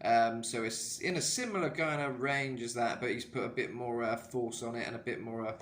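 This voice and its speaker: A man's voice: mid-range voice, brisk, a bit bright, reverberant, a little hiss or hum. A man coaching singing in a casual, rambling way, full of "kind of" and filler sounds. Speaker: vocal coach. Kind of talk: casual singing tutorial talk.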